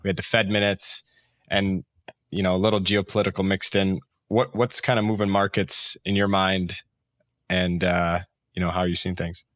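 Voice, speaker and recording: A man's voice: low-pitched, little pitch movement, moderate pace, a bit bright, no echo, clean studio sound. A man hosting a podcast, introducing guests and tossing out questions in loose, friendly patter with some repeats. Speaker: podcast host.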